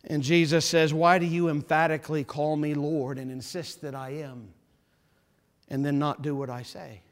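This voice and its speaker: A man preaching a sermon as pastor, impassioned, repeating phrases and building to forceful emphasis. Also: fairly high pitch, flat delivery, normal speed.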